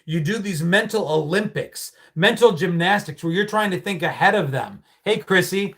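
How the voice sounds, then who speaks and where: A man's voice: high-pitched, lively intonation, normal speed, a bit bright. A middle-aged man hosting a casual livestream, telling childhood stories and reading out viewer comments in a loose, swearing, storytelling way. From United States. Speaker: livestream host.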